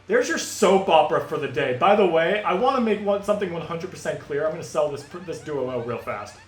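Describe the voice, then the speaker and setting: A man's voice: a little high, lively intonation, a little fast, hardly any pauses. A man giving casual, joking and sarcastic gameplay commentary between reading dialogue aloud. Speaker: game streamer. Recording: echoey room with game music.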